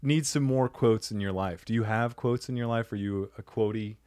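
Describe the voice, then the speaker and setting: A man hosting a casual comedy podcast, playful and quick to laugh as he riffs on jokes. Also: fairly low pitch, darkish tone. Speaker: podcast host.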